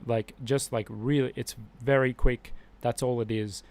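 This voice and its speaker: A man's voice: medium pitch, fairly even intonation, unhurried, a little mellow. Opinionated man chatting on a stream. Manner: opinionated, rambling with frequent restarts. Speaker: live-stream host. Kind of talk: casual live-stream chat.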